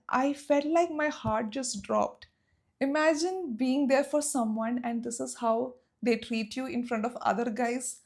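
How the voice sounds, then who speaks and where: Emotional young woman vlogger, higher voice. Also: gravelly. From Saudi Arabia. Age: young adult. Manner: emotional, emphatic storytelling. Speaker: vlogger telling a story. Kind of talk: storytime vlog.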